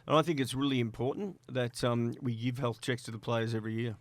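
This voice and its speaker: A man's voice: medium pitch, fairly even intonation, fairly quick, no echo. Chatty Australian man, dry sound. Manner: chatty storyteller, acts out quoted dialogue, laughs between lines. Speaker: interview guest, former player agent. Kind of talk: casual podcast interview.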